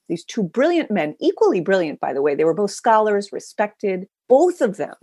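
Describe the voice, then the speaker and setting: Woman, public speaking guest, lively storyteller, slightly low voice, dry sound. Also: no room sound. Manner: animated, dramatic storytelling. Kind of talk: interview storytelling.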